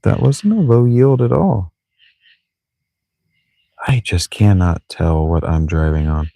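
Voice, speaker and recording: A man casually commenting while he plays a video game, full of deadpan jokes and muttered asides. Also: sits low, dry recording, clean studio sound. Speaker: streamer playing a video game. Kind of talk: casual let's-play commentary.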